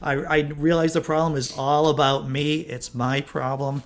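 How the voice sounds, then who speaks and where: A man's voice: a little high, steady tone, moderate pace. A man from Boston co-hosting a casual livestream chat, talking in a wry, emphatic, teasing way. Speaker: co-host.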